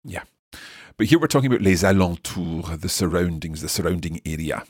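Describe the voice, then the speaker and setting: A man co-hosting a casual language lesson podcast, explaining phrases slowly and repeating them. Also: sits low, husky, no room sound, clean studio sound. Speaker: language teacher co-host.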